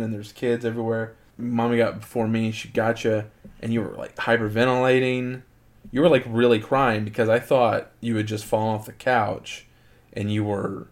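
A middle-aged man, a father, talking with his child in a relaxed, chatty way, often saying "like". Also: on the low side. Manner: relaxed, chatty, heavy use of "like". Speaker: father and show co-host. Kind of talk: casual family chat.

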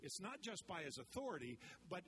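A man's voice: high voice, big pitch swings, fairly quick, pushed and bright. A male pastor giving a sermon in a conversational way, mixing teaching with joking stories from his own life.

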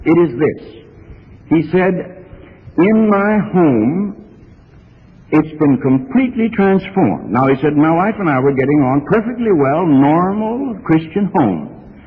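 A man preaching in a church, telling his story with earnest, building fervor in a fairly high, slightly husky voice. It's an old archival recording, thin and phone-like, with a long reverb trailing off his words. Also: expressive, moderate pace. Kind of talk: sermon.

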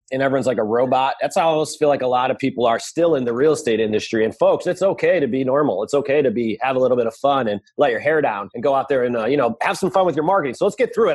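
Fast-talking husky male podcast host. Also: medium pitch, a little mellow. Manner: fast, blunt, swears casually. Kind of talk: casual podcast interview.

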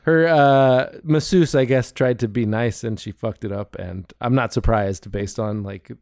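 A man's voice: mid-range voice, unhurried, a little mellow, dry recording, clean studio sound. A man co-hosting a casual chat in a laid-back, wry way. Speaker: podcast co-host.

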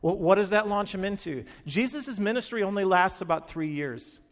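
Man, sermon, animated storytelling, somewhat high pitch, echoing hall. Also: normal speed. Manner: animated storytelling, acting out quoted lines. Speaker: preacher. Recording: long hall reverb.

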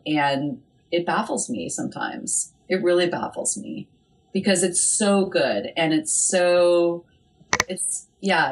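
A woman literary agent talking casually in an interview, animated and chatty, with lots of "like" and "I mean" fillers. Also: fairly low pitch.

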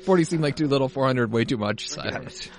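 A man's voice: mid-range voice, fast. A man co-hosting a podcast in casual chat, swearing and telling stories with jokes. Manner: crude, joking storyteller. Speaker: podcast co-host. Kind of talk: casual chat over a film.

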